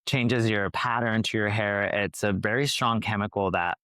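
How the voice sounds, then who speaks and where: A young man, a hairstylist guest, telling stories in a chatty, animated way with lots of fillers. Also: on the low side, normal speed, clean tone, no echo, studio quality. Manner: chatty, animated storyteller with many "like"s. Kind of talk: casual podcast interview.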